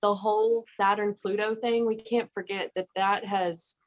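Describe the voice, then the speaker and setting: A woman's voice: mid-range voice, steady tone, normal speed, lo-fi sound. A woman in a casual group video chat, talking on and checking in with "you know what I mean?". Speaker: group member.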